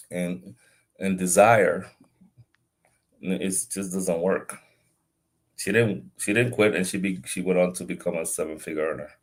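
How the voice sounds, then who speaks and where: A man speaking as a business consultant and guest in a casual interview, relaxed and halting, often repeating words as he thinks. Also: sits low.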